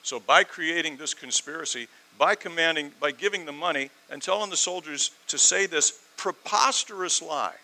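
Male preacher, bright tone, animated sermon delivery with sarcastic rhetorical questions. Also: normal speed, few pauses, rough recording. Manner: animated, swings from loud emphasis to low asides.

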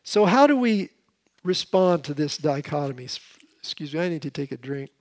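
A man's voice: fairly high pitch, lively intonation, moderate pace. Man giving a casual Bible teaching. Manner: conversational, with frequent restarts. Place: seated, with a drink at hand.

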